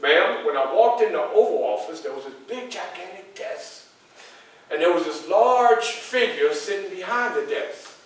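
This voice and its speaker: In a library event room, a historical reenactor portrays a dignified 19th-century abolitionist in the first person, telling his story directly to a live audience. His high-pitched voice moves at a moderate pace, earnest and animated as he addresses the crowd. The audio is echoey and captured from far off.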